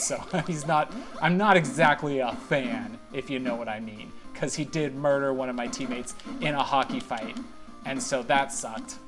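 A man giving casual, rambling commentary while playing a video game, mocking his own mistakes and breaking into sudden exclamations. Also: medium pitch. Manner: rambling, self-deprecating play-by-play with sudden exclamations. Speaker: let's play gamer.

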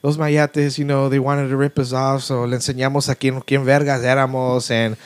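A man's voice: medium pitch, little pitch movement, normal speed, clean tone, pitched above the performer's own voice, close to an everyday voice. A man voicing a hardened older Mexican man in his fifties who talks casually and slips in Spanish. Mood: nonchalant.

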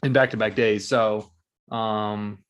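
Chatty young sports podcast co-host. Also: male voice, fairly low pitch, steady tone, takes it slowly. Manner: chatty, laughs while looking up stats. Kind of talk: casual sports chat.

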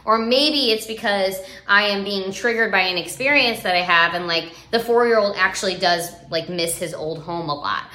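A woman's voice: medium pitch, moderate pace, hardly any pauses, pushed and bright. A woman in her thirties, a parent, talking in a casual, chatty way with lots of "like" fillers. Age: 30s. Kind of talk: casual chat. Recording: roomy echo.

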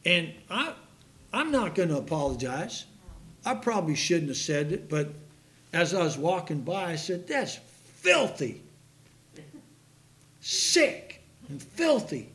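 A man's voice: fairly high pitch, animated, normal speed. An older man preaching a sermon, impassioned and emphatic, stumbling over hard names as he reads scripture aloud. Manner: emphatic, impassioned, with sudden loud outbursts.

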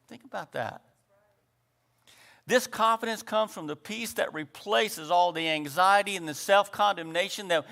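A man preaching a sermon, swinging between loud exhortation and quiet reflection and calling out "Amen" to the congregation. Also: sits high, creaky.

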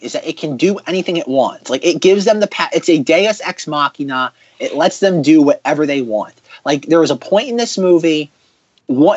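A man hosting a podcast in casual chat, ranting sarcastically in quick bursts. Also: fairly high pitch, dry recording, highs cut off. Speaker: podcast host.

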